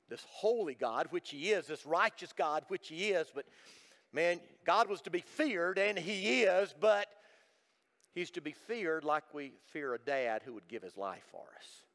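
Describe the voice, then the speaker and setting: A middle-aged man preaching a sermon to his congregation, swinging from loud emphatic lines to hushed, almost whispered ones. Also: on the high side, in a large hall. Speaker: pastor. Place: church service.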